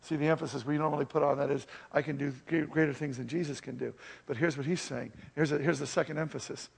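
A man's voice: on the high side, fairly even intonation, fast, creaky, hardly any pauses, husky. A male pastor delivering an earnest, urgent sermon and then leading a prayer.

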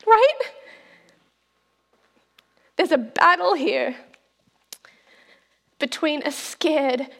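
Woman preacher, high and very expressive, casual and laughing, long hall reverb. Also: drawn-out words, creaky, pauses often. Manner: animated, laughs often, addresses listeners as "you guys". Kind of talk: sermon.

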